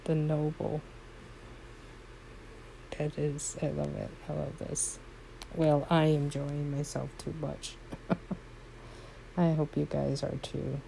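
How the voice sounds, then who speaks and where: A woman's voice: sits low, completely flat delivery, slow pace, gravelly, long pauses, mellow, slight background noise, poor audio. A woman playing a horse game at home, commenting casually and fondly, exclaiming often and talking sweetly to her horses. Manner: frequent exclamations.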